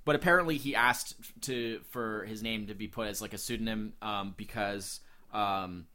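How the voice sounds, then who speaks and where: A man with a low, bright and forceful voice co-hosts a podcast in casual chat. He lays out background facts with plenty of fillers between his phrases. His speech comes through a podcast microphone. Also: moderate pace. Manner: informative, many fillers like um. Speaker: podcast co-host.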